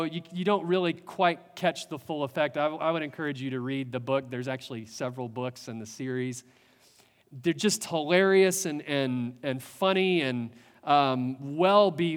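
A man preaching a sermon as a pastor, earnest, building with rhetorical questions and pauses. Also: on the high side, steady tone, smooth, in a large hall.

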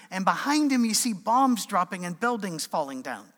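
Brief: male preacher, informal sermon, slightly high voice, lively asides, long hall reverb. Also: moderate pace, hardly any pauses. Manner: conversational, animated asides and acted quotes.

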